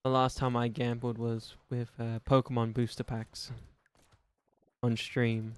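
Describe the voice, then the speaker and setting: A man's voice: mid-range voice, little pitch movement, unhurried, clear, resonant tone. A man chatting on a gaming livestream, rambling and joking and laughing often. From Australia. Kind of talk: casual gaming livestream chat.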